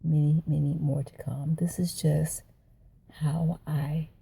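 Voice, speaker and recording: A woman's voice: sits low, flat delivery, takes it slowly, creaky, dark tone, slightly rough. A middle-aged woman recording a personal video journal, telling her story in a rambling, emotional way. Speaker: video diarist.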